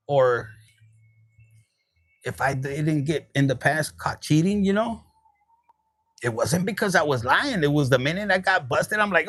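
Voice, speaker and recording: A man's voice: a little high, lively intonation, a little slow, long pauses, a bit bright, no room sound. A young man, reading tarot in a casual livestream, talking candidly with profanity and jokes and slipping into Spanish words. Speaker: tarot reader.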